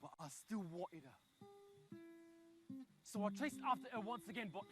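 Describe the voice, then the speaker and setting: A man performing a comic story, chatty and animated, swinging from hushed asides to loud outbursts. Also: high voice, unhurried, pauses often, over music.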